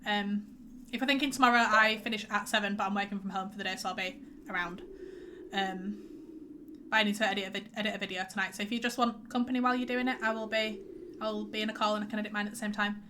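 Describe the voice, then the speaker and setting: A woman's voice: medium pitch, steady tone, quick pace, noisy background. A young woman streaming a game, chatting in a rambling way with many fillers and reading out chat messages. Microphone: headset.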